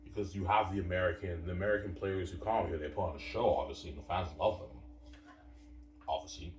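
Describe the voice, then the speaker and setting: A man's voice: sits low, fast talker. A man giving a casual opinion rant as a sports commentator, repeating himself with stammering restarts and calling his listeners "man" and "guys". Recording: roomy room, distant mic, faint ambient noise.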